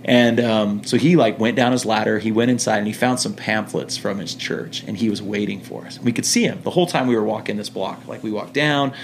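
A young American man, a former missionary, telling lively stories in a casual podcast chat and acting out quoted voices. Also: on the low side, fairly quick, hardly any pauses, slight background noise. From United States. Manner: animated storyteller, acts out quoted voices and laughs.

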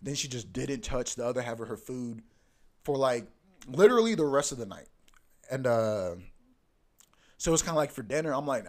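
A man's voice: medium pitch, moderate pace, long pauses. Profane young man ranting casually. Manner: profane, ranting, fills talk with "bro". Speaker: podcast host. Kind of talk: casual podcast monologue.

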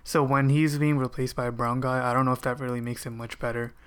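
A man in casual podcast talk, explaining points in a measured way. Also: medium pitch, steady tone, smooth. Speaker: podcast co-host. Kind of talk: casual chat.

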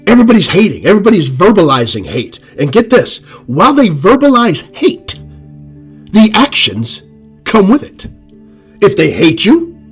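A man preaching a sermon, emphatic and repetitive, swinging from loud rises to soft drops. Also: sits high, breathy edge.

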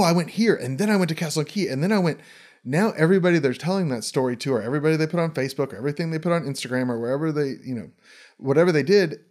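A man in casual conversation, talking quickly and with enthusiasm. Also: fairly high pitch, darkish tone.

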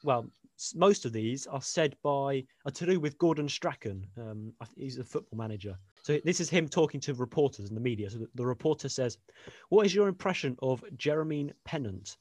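A man's voice: mid-range voice, animated, a little fast, a little mellow, dry recording. A young man co-hosting a casual podcast, reading funny sporting quotes aloud and laughing often. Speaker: podcast co-host.

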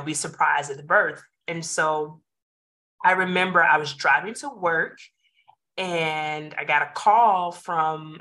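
A woman in her thirties, a physician guest on a podcast, chatting casually and telling stories with voices for the people in them. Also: sits low. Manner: animated storyteller who acts out quoted voices.

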